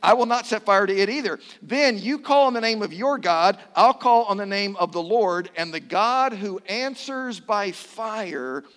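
A man reading a defiant male prophet's lines aloud in a sermon, declaiming them loudly. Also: expressive, measured pace, few pauses, in a large hall. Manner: declaiming, louder and higher.

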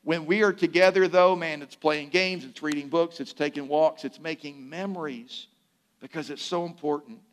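Older male pastor, slightly raised pitch; casual, joking sermon delivery that eases into quiet, slow stress on key lines. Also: fairly even intonation. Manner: conversational preaching with asides and humor; drops to soft, slow emphasis on key phrases.

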